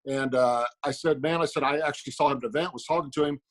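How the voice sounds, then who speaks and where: A man's voice: medium pitch, fairly even intonation, fast talker, low-quality recording. A man, a former fighter, telling a story in plain words in casual podcast chat.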